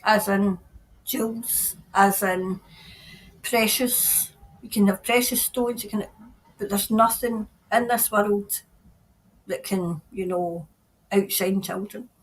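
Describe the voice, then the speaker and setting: A middle-aged woman giving a spontaneous tarot reading, earnest and halting, often repeating her phrases. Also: medium pitch, steady tone, rough recording. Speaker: tarot reader.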